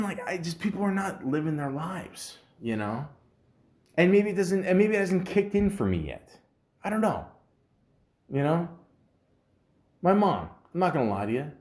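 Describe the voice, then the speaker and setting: A man's voice: a little high, darkish tone. A man hosting a podcast, talking in a rambling, joking monologue full of swearing and fillers. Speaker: podcast host.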